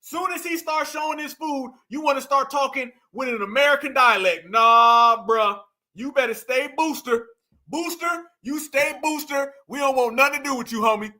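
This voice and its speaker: A man's voice: very high voice, normal speed, sharp tone. A man giving scornful reaction commentary, laughing often and repeating phrases for effect.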